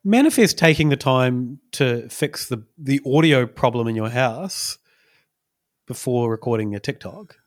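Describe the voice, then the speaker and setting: A man's voice: medium pitch, lively intonation, a little slow, no room sound. Rambling man, dry close mic. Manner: rambling storytelling with many fillers. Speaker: podcast co-host. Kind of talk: casual chat.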